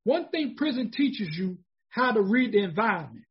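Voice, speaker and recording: A man's voice: sits high, big pitch swings, moderate pace, husky. A man in his forties from the United States telling his own story in an emphatic, repetitive, conversational way. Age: 40s. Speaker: formerly incarcerated speaker. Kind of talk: personal storytelling talk. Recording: dull lo-fi recording.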